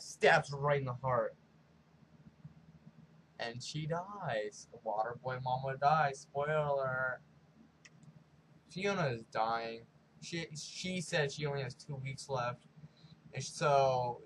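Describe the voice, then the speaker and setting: A man hosting his own review show, recapping an episode casually and excitedly, peppering his talk with "like" and spoiler warnings. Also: medium pitch, slight background noise, low-quality recording. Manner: animated storytelling full of "like" and spoiler warnings. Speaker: show host.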